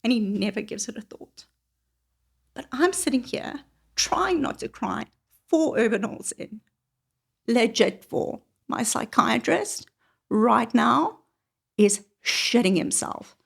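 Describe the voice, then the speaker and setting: A woman telling a wry, confessional personal story, often dropping into hushed whispered asides. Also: a little high, expressive, slow, gravelly, long pauses, slightly rough.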